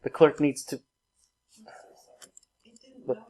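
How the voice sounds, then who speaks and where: A man's voice: drawn-out words, warm tone. Casual, self-teasing male math teacher. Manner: casual, self-deprecating, laughs at himself; talks through work step by step. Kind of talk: recorded math lesson.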